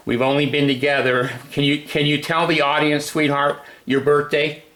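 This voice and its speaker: An elderly man in his eighties talks in a flat, monotone way, rambling with many fillers. His tone is affectionate and casual. The sound is echoey, as in a bare room at home. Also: fairly high pitch, moderate pace. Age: 80s. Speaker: host. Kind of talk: casual home video talk.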